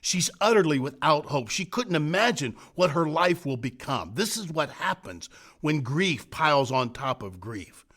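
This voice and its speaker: A middle-aged man, a senior pastor, preaching an earnest sermon, building emphatic repeated phrases and then dropping to soft, hushed lines. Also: on the high side.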